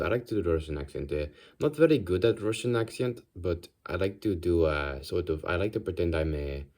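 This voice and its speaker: A man with a very low, deep voice chats casually to his camera. He rambles and hesitates, filling his pauses with ums. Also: dark tone, husky. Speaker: channel host.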